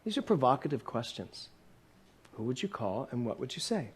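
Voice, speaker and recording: With big swings in pitch around a mid-range voice that's slightly rough, a minister in his sixties preaches at normal speed. In a church hall he asks the congregation many questions, staying playful and sometimes laughing.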